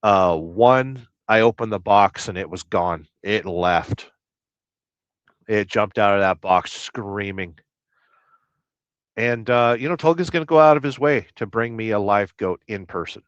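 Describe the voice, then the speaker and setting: A man from Southern California hosting a casual trucking livestream. He reads viewer comments aloud and rambles through deadpan, absurd jokes. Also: on the low side, measured pace, dry recording. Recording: dry, slightly dull lo-fi sound.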